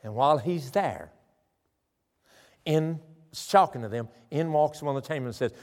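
A male pastor preaching a sermon, telling a scripture story in a lively way and reading verses aloud. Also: mid-range voice, moderate pace. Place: church sanctuary. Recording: long church hall reverb.

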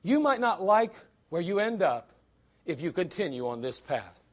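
A man's voice: sits high, sing-song, moderate pace, slightly rough. A man preaching a sermon in a blunt, emphatic way, full of rhetorical questions.

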